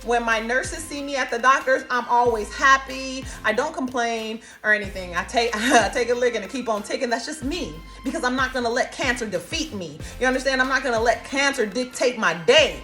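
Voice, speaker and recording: Animated woman telling a personal story. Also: a little high, normal speed, soft background music. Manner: animated, expressive, folksy, calls listeners honey. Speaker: cancer survivor telling her story. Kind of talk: casual storytelling to camera.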